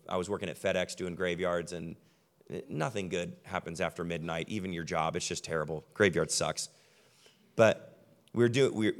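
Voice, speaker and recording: A young man preaching a sermon as pastor. He tells stories in a low, quiet voice, then lifts his voice loud and high to drive a point home. His pace slows down for weight. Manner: shifts from quiet storytelling to loud emphatic preaching.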